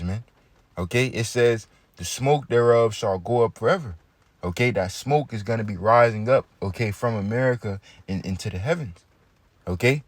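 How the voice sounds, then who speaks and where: A man's voice: medium pitch, no echo. A man teaching from the Bible in a casual way, reading verses aloud and checking in with his listeners with a frequent "okay?". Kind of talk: scripture teaching.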